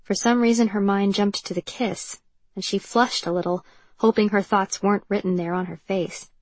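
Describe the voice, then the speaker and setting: Husky woman reading a novel. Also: medium pitch, steady tone, normal speed, no room sound. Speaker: audiobook narrator. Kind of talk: scripted narration.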